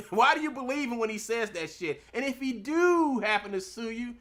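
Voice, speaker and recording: A man's voice: very high-pitched, expressive, normal speed. A young man ranting casually from home as a streamer, mocking someone, laughing often and swearing a lot. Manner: mimics others in a loud put-on voice. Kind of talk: casual rant.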